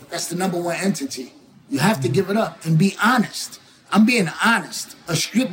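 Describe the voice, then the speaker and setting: Guy with a real high voice getting loud and worked up in an interview chat. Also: rough recording. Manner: emphatic, repeats words, bursts into shouting. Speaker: guest rapper. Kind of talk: casual interview talk.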